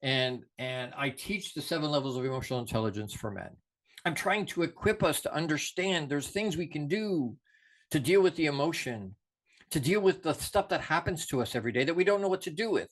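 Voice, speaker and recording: Middle-aged guy hosting his own motivational show, preachy and fired up, slightly high voice, goes soft then punches hard. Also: lively intonation, fairly quick. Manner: passionate, preachy, swings from soft to emphatic. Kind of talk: unscripted motivational talk.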